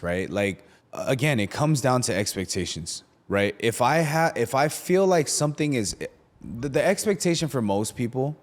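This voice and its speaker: A young man hosting a podcast, talking about faith in a casual, slangy way and often checking in with "right?". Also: fairly low pitch. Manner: slangy, animated storytelling with lots of "right?". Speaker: podcast host.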